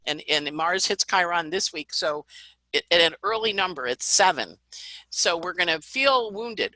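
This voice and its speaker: A middle-aged woman gives an astrology forecast in a loose, chatty way, her voice bright and forward. She talks with lively energy and laughs between points. The sound is dry and close, with no room around her. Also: on the low side, no room sound, poor audio. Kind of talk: casual astrology talk.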